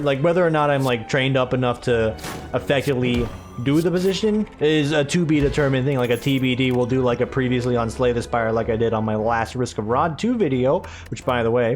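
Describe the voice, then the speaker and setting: A young man chatting casually through a let's play, rambling and self-deprecating. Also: medium pitch. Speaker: gaming YouTuber.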